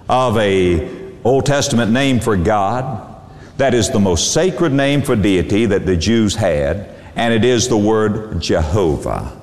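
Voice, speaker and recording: A man preaching a sermon, drawing out words for dramatic emphasis. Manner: dramatic, drawn-out emphasis with sweeping pitch. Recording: echoey hall with long reverb.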